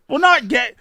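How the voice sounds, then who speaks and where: A man's voice: extremely high pitch, pushed and bright, no echo, clean studio sound. A man co-hosting a podcast, telling a story in casual chat, swearing a lot and laughing often. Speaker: podcast co-host.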